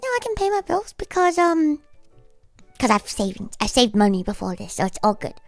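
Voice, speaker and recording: A woman livestreaming in casual chat, rambling with lots of fillers and breaking into high-pitched laughter. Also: very animated, fairly quick, gravelly, dry recording, soft background music. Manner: rambling, heavy use of "like".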